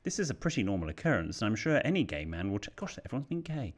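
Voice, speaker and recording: Lively low-voiced British man. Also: quick pace. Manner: lively, animated reading voice. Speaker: podcast co-host reading listener letters. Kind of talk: casual chat and reading letters aloud.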